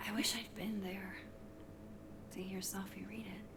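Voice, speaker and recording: A woman's voice: mid-range voice, a little slow, natural voice. A woman voicing a wry young woman, whispered role-play. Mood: somber. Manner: dry, self-mocking asides. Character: young adult woman, wry and wistful, inner thoughts. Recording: distant game audio with clear background noise.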